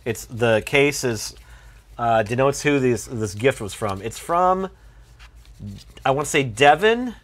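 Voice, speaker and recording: A man's voice: medium pitch, expressive, slow, long pauses. A man in casual stream chat, easygoing and chatty, talking to the viewers. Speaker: show regular.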